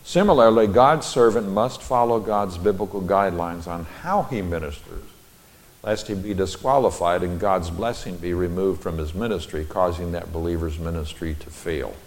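A deep-voiced, middle-aged man preaches an expository Bible lesson. He explains things deliberately and drops in folksy personal asides.

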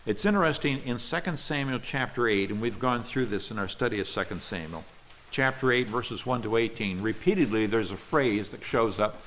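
A man's voice: mid-range voice, lively intonation, moderate pace, fairly bright tone, slight background noise, rough recording. A man preaching an expository sermon, reading scripture aloud and explaining it word by word. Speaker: pastor.

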